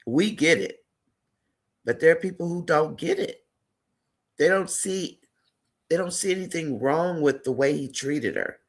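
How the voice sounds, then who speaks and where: A man's voice: a little high, animated, measured pace, long pauses. A man hosting a casual live-stream chat, reading viewer comments aloud and greeting and affirming viewers by name.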